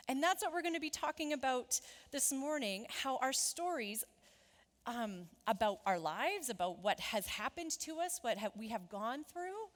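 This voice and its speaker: A woman pastor reading a children's storybook aloud in an animated, playful voice as part of a sermon in a church. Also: high voice, normal speed. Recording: echoey church hall.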